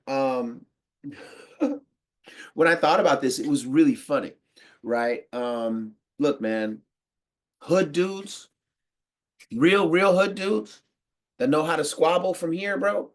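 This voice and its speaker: Slangy laid-back American man. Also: on the high side. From United States. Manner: slangy, animated, laughs often. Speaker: podcast host. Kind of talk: casual monologue.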